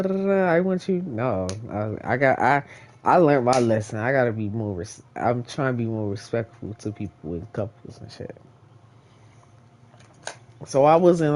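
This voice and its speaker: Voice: mid-range voice, a little mellow, a little hiss or hum. A vlogger talking in a casual, rambling monologue straight to the camera, swearing freely and laughing often.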